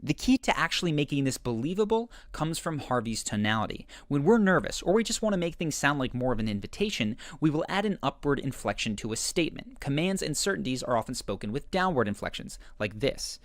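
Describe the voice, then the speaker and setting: A man narrating a scripted video essay that explains confident behavior, in a measured, explanatory way. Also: medium pitch, sing-song, no room sound. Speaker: commentator analyzing a TV character.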